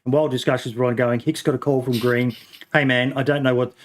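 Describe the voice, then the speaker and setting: A man's voice: medium pitch, flat delivery, fast talker. Rambling man hosting a podcast. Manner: rambling, many ums and restarts, swears casually. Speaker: podcast host. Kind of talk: casual podcast chat.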